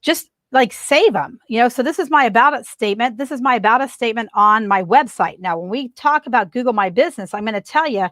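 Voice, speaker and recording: A woman's voice: a little high, animated, fast, few pauses, fairly bright tone, dry recording. A woman guest on a podcast, giving marketing advice in a casual, emphatic way and repeating her key points.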